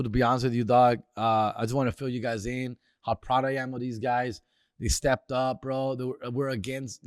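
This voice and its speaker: A man's voice: on the high side, fairly bright tone, no room sound, clean studio sound. A comedian hosting a casual sports segment, slangy and profane, dropping Spanish words into his talk. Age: older.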